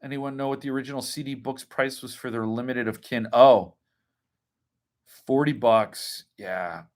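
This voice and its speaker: A man's voice: medium pitch, fairly even intonation, normal speed. A man hosting a casual livestream, rambling as he reads and answers chat comments. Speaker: host.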